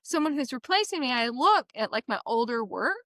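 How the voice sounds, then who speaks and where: Woman, forties, bright clear voice, highish pitch, dry close sound, animated storytelling. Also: a little fast, no echo. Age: 40s. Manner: animated, laughs often, many "like" fillers. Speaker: podcast guest. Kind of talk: casual storytelling chat.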